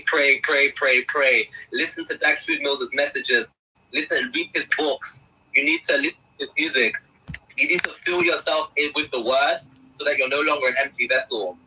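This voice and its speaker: A man's voice: mid-range voice, sharp tone, husky, poor audio. A young man, a guest in an interview, telling an emotional first-person account in an intense, agitated way, often calling the host by name.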